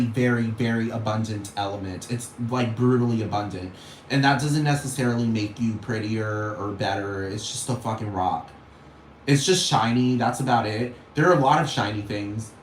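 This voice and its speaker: Man, mid-pitch, rambling profane rant, exasperated, roomy echo and faint noise. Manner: swears constantly, rambling, scoffing and exasperated. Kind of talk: profane ranting monologue. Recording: echoey room with faint noise.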